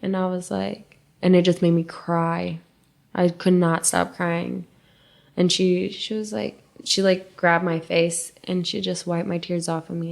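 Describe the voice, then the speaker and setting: A young woman co-hosting a podcast, telling a painful personal story in a halting, emotional way that drops to a hush at hard moments. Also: lowish voice, level tone, gravelly. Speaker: podcast co-host.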